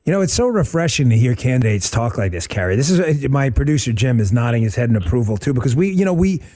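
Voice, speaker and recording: A man hosting a talk show interview who speaks emphatically, with quick asides. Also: sing-song, dark tone. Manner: emphatic, quick asides, pleading pitches to listeners. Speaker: host.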